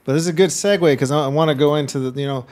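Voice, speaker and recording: Host, man, 30s, casual and animated, voice on the higher side. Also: racing. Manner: animated storytelling, acts out his own reactions. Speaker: podcast host. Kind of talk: casual interview chat.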